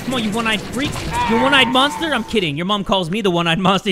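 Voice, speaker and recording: A man doing let's play commentary as a gaming YouTuber, joking crudely and yelling at the game. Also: high voice, quick pace, hardly any pauses, over music.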